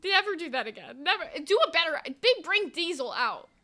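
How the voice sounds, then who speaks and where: Blunt high-voiced woman host. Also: very animated, a little fast, sharp tone. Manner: blunt, profane, bossy. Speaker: livestream host. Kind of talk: casual livestream chat.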